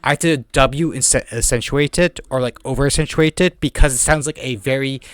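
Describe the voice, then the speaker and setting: A man's voice: medium pitch, dry recording, studio quality. A man with a heavy non-native accent, chatting casually as a podcast host, rambling with lots of fillers and restarts. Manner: rambling, fast talker with many fillers and restarts. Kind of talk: casual chat.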